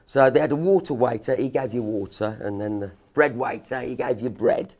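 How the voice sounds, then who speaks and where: A man's voice: medium pitch, moderate pace, a little mellow. A man with a Black Country accent, a comedian guest telling jokes in a loose, rambling way and laughing at his own gags. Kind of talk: casual joke-telling chat.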